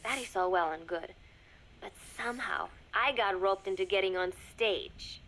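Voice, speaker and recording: An actress voicing a gentle, earnest young girl spy on a game cassette tape, speaking softly and formally without contractions. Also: medium pitch, normal speed, natural voice, poor audio. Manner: soft, formal, polite speech without contractions. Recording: game audio with music behind.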